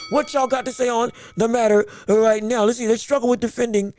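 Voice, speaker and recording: A man's voice: very high-pitched, steady tone, fairly quick, darkish tone, soft background music. A man hosting a boxing podcast livestream, talking emphatically and repeating himself when worked up. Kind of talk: livestream sports commentary.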